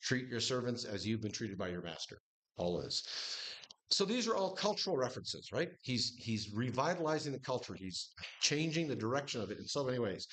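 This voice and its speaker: A man's voice: mid-range voice, sing-song, brisk, fairly bright tone. A man teaching a Bible study group in a conversational style, restarting phrases and lifting his voice when quoting scripture.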